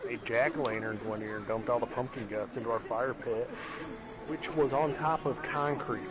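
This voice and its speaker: A man chatting casually while gaming, laid-back and quick to laugh. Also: mid-range voice, fairly even intonation, over music.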